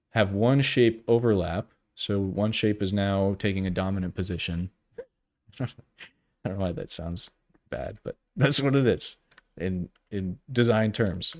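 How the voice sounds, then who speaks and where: A man in his early thirties with a somewhat low voice muses half to himself as he sketches, stopping and restarting his thoughts. He drops wry jokes at his own expense. The sound is close and dry, with no room around it. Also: darkish tone, no echo. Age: 30s. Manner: halting, self-questioning, trailing off often; wry self-deprecating humor. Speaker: artist streaming live. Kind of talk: casual think-aloud commentary while drawing.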